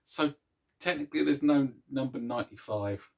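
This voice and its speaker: A man's voice: mid-range voice, normal speed, creaky. A man hosting a casual music show, chatting to viewers in a rambling, self-mocking way, with plenty of restarts. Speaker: host of a music series.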